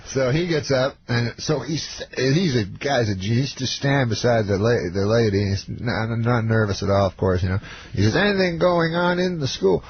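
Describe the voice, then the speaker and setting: A man, a comedian guest on a radio show, telling a rambling anecdote in a deadpan way, halting with many fillers. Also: medium pitch. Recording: dull lo-fi radio broadcast with noise.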